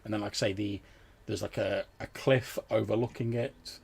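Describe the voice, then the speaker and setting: A man's voice: on the low side, steady tone, moderate pace, vocal fry, a little mellow, husky. A man narrating a tabletop game as game master, describing scenes in a rambling way with many fillers.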